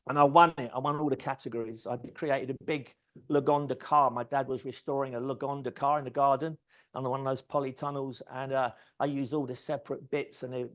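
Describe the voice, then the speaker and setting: A middle-aged man giving a keynote talk, telling lively anecdotes, swearing freely and acting out quoted conversations. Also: medium pitch. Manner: animated anecdotal storytelling, swears freely, acts out quoted dialogue. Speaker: conference speaker. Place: event stage.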